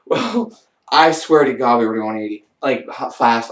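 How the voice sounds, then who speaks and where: A young man telling rambling personal stories in a casual, animated way. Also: a little slow, recorded from a distance. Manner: rambling, animated, mimics others in high voices. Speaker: vlogger. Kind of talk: casual storytelling. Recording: roomy echo, off-mic.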